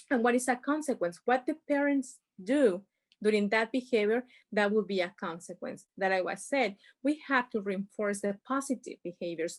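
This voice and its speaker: A woman giving an informal workshop talk on parenting over a video call, explaining with everyday examples in non-native phrasing. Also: mid-range voice. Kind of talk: informal presentation.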